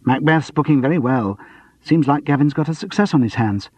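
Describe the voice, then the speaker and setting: A man's voice: on the high side, animated, a little fast, a little mellow, voice pushed up. A man voicing a flustered, defensive middle-aged woman who runs a theatre box office, in a storybook reading. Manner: anxious, defensive, sarcastic. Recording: dull lo-fi dry audiobook recording.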